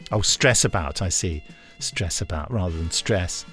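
A man's voice: low voice, lively intonation, moderate pace, pushed and bright, soft background music. A man co-hosting a podcast, reading listener emails aloud and joking as he goes. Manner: jokey, laughs as he reads. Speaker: podcast co-host.

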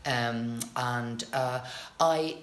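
A middle-aged Scottish woman, an actress, chatting in an interview and telling stories in a lively way full of restarts. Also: extremely low pitch, drawn-out words. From Scotland. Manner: chatty, animated storytelling with many restarts. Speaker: actress guest. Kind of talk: casual interview chat. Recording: roomy echoey recording.

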